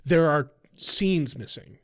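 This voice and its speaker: A man with a somewhat high voice co-hosts a casual podcast review, cursing freely as he picks apart weak plotting. His voice is recorded close and dry, with no room sound around it. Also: slow, no echo. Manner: profane, exasperated critic. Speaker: podcast co-host.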